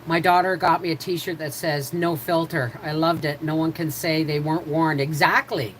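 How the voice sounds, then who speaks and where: Middle-aged woman host, lowish voice, chatty tangents on a home live stream, faint noise behind. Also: fairly even intonation, moderate pace, rough recording. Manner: digressive, jumps between subjects and circles back; chatty, frequent restarts, addresses viewers directly. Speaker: homestead livestream host. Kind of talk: rambling casual livestream storytelling.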